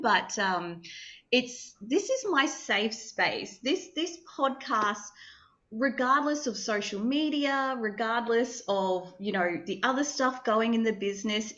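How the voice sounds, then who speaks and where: A woman's voice: fairly high pitch, fairly bright tone, highs cut off. An Australian woman, a therapist and podcast host, talking reflectively about her podcast and laughing easily. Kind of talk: casual interview talk.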